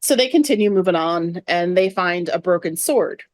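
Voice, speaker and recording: Podcast host, woman, lower voice, dry close mic, chatty lore recaps. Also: animated, moderate pace, no echo. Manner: retells game quests with quoted lines. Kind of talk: casual podcast chat.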